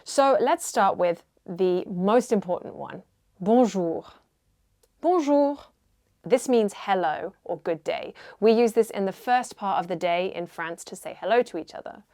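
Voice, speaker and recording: A woman's voice: mid-range voice, moderate pace, darkish tone. A woman teaching a beginner French lesson, carefully modelling pronunciation and repeating words for learners. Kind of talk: language lesson.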